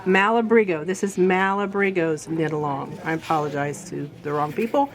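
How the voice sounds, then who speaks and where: A woman's voice: sits low, moderate pace. A woman from Indiana hosting a casual shop update, chatty and rambling, laughing easily. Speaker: quilt shop owner and host.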